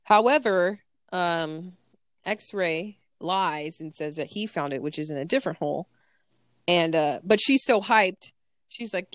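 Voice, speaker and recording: A woman's voice: on the low side, a little slow, no room sound. A woman co-hosting a casual podcast, laughing as she retells movie scenes and puts on silly quoted voices. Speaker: podcast co-host. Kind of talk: casual chat.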